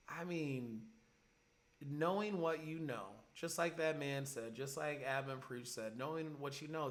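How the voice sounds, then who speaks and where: This forties-aged man hosts a podcast and delivers an angry monologue full of heated, profane commentary. His pitch is fairly high and his tone fairly bright, captured on a podcast mic.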